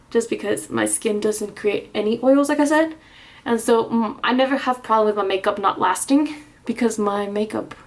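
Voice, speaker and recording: A woman chatting casually through a get-ready-with-me makeup vlog, rambling with restarts and small laughs, a little out of breath. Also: medium pitch. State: slightly out of breath. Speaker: beauty vlogger.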